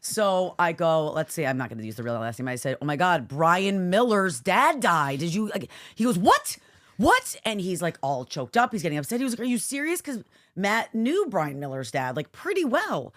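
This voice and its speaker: A woman in casual podcast chat with a very lively voice that leaps up and down in pitch. She tells stories with energy and puts on high, excited voices for other people. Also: normal speed. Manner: animated, jumps to high pitch when acting out others. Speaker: podcast co-host.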